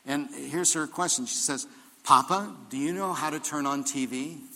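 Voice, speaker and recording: A man's voice: on the high side, moderate pace, fairly bright tone, big-room sound. An older man preaching a sermon as pastor, telling stories and rising into emphatic preaching.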